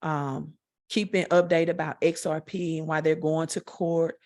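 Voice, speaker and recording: A woman with a Southern US accent speaks in a low voice. She sounds direct and confident. She talks at an unhurried pace, with frequent fillers, as an interview guest. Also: flat delivery, darkish tone. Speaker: guest, network marketer. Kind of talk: interview answers.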